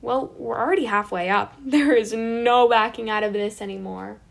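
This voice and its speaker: A woman voicing her cousin, an easygoing young woman who calmly reassures and teases. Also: on the high side, moderate pace, vocal fry. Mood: reassuring. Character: teasing young woman cousin, calm and amused.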